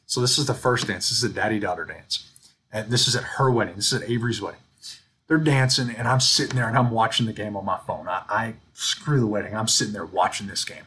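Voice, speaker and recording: A man co-hosting a sports podcast, telling stories in an animated, ranting way. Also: fairly low pitch, fast talker, slightly rough. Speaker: podcast co-host. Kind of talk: casual sports chat.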